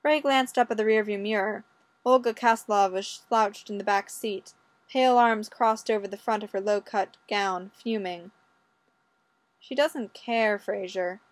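A woman reading fiction aloud in an even, steady storytelling voice. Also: medium pitch, normal speed. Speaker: narrator.

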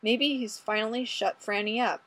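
A woman's voice: on the high side, steady tone, moderate pace, fairly bright tone, no room sound. Woman narrating wryly, dry close sound. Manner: wry, conversational. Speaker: audiobook reader. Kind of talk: first-person story narration.

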